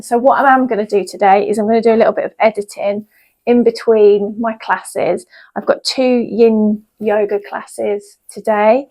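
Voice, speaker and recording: A woman's voice: medium pitch, darkish tone, rough recording. A woman, a yoga teacher chatting casually in a home vlog, rambling with lots of ums. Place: at home in her yoga room.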